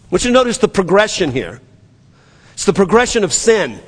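A man with a New Orleans accent preaching a sermon as pastor, animated and acting out the scripture dialogue with stammered restarts. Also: high voice, brisk. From New Orleans area. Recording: long hall reverb.

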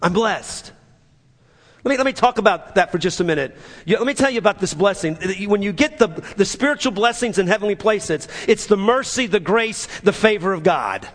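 High-voiced preaching man, reverberant hall. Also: lively intonation, a little fast, few pauses. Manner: preaching with repetition, leading the congregation in spoken confessions. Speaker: pastor. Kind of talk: sermon.

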